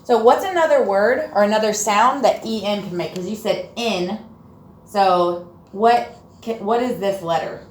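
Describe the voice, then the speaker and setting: A woman teacher running a reading lesson, encouraging and sounding words out slowly. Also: mid-range voice, a little hiss or hum. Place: classroom. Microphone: far camera. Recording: echoey room from far off.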